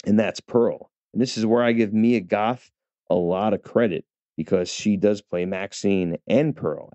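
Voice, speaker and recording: Low and dark-toned, a man's voice delivers a casual movie review straight to his viewers, peppered with fillers and restarts. The dull, dry lo-fi recording has no echo.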